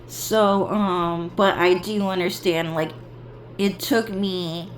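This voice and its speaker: A woman's voice: on the low side, fairly even intonation, slow pace, slight background noise. A woman vlogger telling a story casually, rambling and swearing, with plenty of fillers and side remarks.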